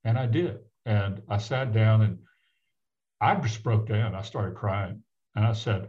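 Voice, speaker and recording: An older man from the American South, a physician guest, telling a personal story in an earnest, halting way with frequent restarts. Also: fairly low pitch, darkish tone. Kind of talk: reflective personal storytelling in conversation. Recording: dull lo-fi audio.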